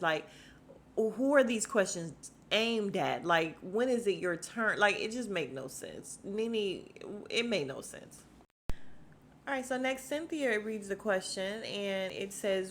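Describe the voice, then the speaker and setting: Woman, podcast host, casual recap, slangy, chatty, mid-pitched voice, faint background hiss. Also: animated, a little slow, fairly bright tone. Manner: chatty, slangy, addresses listeners as y'all.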